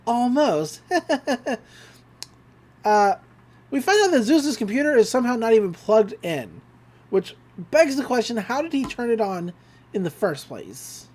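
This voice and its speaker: Animated woman recapping an episode. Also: on the high side, normal speed, slightly rough. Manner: animated retelling with acted-out quotes and laughs. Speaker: podcast co-host. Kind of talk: casual episode recap chat.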